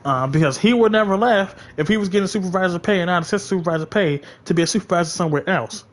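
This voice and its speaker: A man's voice: high voice, very fast. Blunt profane man venting on stream. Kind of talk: casual storytelling while gaming.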